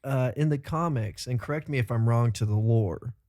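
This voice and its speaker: A man's voice: medium pitch, normal speed, warm tone. A young American man co-hosting a podcast, chatting casually in a laid-back, joking way and laughing easily. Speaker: podcast co-host. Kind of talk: casual chat.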